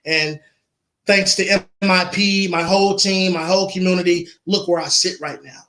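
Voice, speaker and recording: A man's voice: sits high, steady tone, moderate pace, pushed and bright. A man speaking as an interview guest, telling his own story earnestly and repeating phrases for emphasis. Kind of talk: personal storytelling in an online interview.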